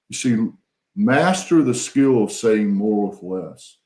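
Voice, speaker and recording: A middle-aged man doing motivational speaking as a trainer, emphatic and deliberate, with a preacher-like cadence. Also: fairly low pitch, animated, warm tone. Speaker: trainer co-hosting a live training session. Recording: roomy echo.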